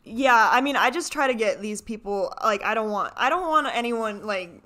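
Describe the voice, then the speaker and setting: A woman's voice: a little high, expressive, moderate pace, bright, forceful tone. A woman hosting a reaction video, talking casually and rambling, often restarting and correcting herself.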